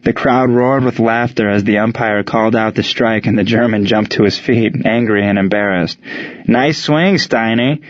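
Male narrator, low voice, steady storytelling read, dry and slightly muffled recording. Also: normal speed, few pauses, no room sound. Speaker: audiobook narrator. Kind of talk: scripted narration.

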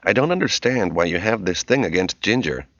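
A man's voice: lowish voice, expressive, a little fast, a bit bright, no echo. A man voicing a harried divorced father who keeps his temper in check, in an audiobook reading. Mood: strained. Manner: restrained, exasperated, teasing. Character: harried divorced father, patient but strained. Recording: dull, muffled audio.

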